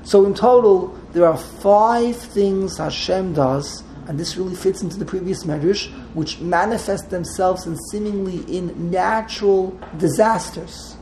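A man's voice: high-pitched, measured pace, few pauses, a little mellow, slight background noise, poor audio. A man teaching a text class to a small group, wandering off into side stories and restarting his sentences often. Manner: digressive, restarts often, mixes Hebrew terms.

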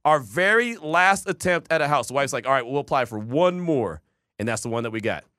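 Male radio host, bright and animated, lively pitch, dry close mic. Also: a little fast, no room sound. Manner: animated storyteller, shouts quoted voices. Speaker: radio sports show host. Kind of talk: casual sports talk radio chat.

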